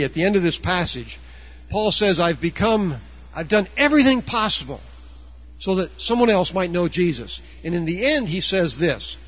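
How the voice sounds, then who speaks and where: A man's voice: fairly high pitch, a bit bright, lo-fi sound. A man preaching a sermon earnestly, raising his voice to act out quoted objectors. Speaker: pastor.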